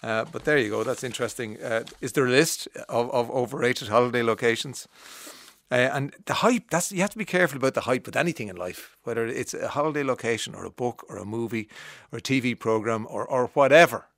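Wry chatty Irish radio host. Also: male voice, medium pitch, fast, vocal fry, a bit bright, no echo, studio quality. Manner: chatty, wry, musing with frequent "uh"s and self-amused asides. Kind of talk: casual radio monologue. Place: radio studio. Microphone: studio microphone.

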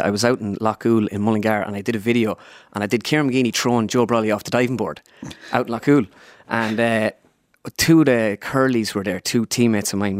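Fast-talking young Irish man. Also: mid-range voice, no room sound, studio quality. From Ireland. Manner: storytelling, lots of fillers and impressions. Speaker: comedian guest. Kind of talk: chatty radio interview.

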